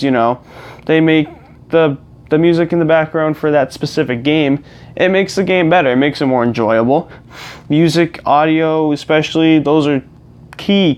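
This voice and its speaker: A man's voice: medium pitch, clean tone. A young man chatting casually as a gaming vlogger, rambling with many fillers and restarts, recorded on a clip-on lapel mic plugged into his phone. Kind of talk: casual chat to camera while gaming.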